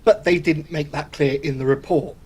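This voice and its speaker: A man co-hosting a chat podcast, easygoing and amused, gently offering a counterpoint. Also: a little high, steady tone, normal speed, husky. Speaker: podcast co-host. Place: studio for a live-streamed podcast.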